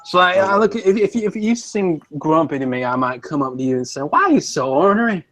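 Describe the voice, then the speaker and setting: A man's voice: a little high, steady tone, quick pace, a bit bright, faint music behind. Joking Southern man. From South Carolina. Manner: joking, teasing. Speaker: guest on livestream. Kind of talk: casual group chat.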